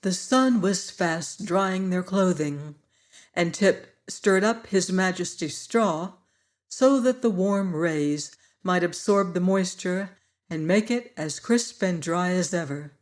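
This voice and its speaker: A man narrating an audiobook in a measured, even storytelling manner. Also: sits high. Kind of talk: scripted narration.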